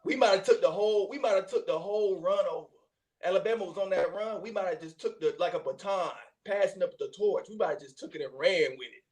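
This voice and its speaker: A man hosting a casual sports chat, slangy and quick to laugh. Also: high-pitched, a little mellow. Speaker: host.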